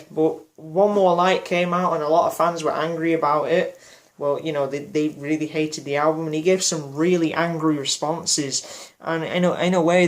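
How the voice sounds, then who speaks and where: A man giving an unscripted personal reflection for his vlog, rambling and hesitant with many fillers and restarts. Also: a little high. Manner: apologetic about memory slips. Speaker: music vlogger.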